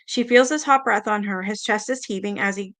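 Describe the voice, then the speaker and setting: A woman's voice: mid-range voice, a little fast, fairly bright tone. A woman reading a book aloud in a casual way, stumbling over words and stopping to react and swear.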